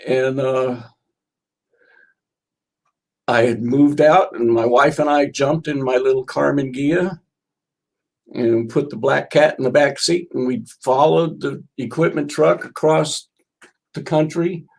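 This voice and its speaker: A man's voice: mid-range voice, fairly even intonation, slow pace, vocal fry, pauses often. An older man, a musician guest, telling rambling stories in an interview and reading passages from his own book. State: coughing. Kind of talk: storytelling interview.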